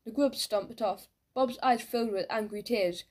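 A woman narrating a children's audiobook in a lively storytelling manner, giving each character a voice. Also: a little high, moderate pace.

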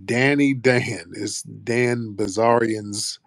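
A man's voice: fairly low pitch, slow pace, vocal fry, no echo, studio quality. An American man hosting a live audio chat, brash and profane, bantering with callers. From United States. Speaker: host of a live audio space.

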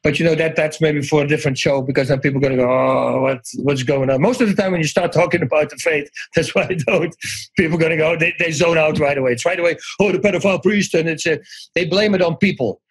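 A middle-aged man with a Dutch accent talks as a guest in a casual interview, his voice husky and pitched a little high. He tells his stories with animation, acting out quoted lines and often restarting his sentences. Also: quick pace, rough recording. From Netherlands.

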